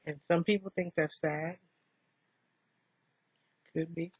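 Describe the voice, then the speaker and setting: A woman vlogger talking softly and reflectively in a rambling way while doing her makeup, in a dull lo-fi recording. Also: on the low side, steady tone, takes it slowly, background noise. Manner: soft-spoken, rambling, musing.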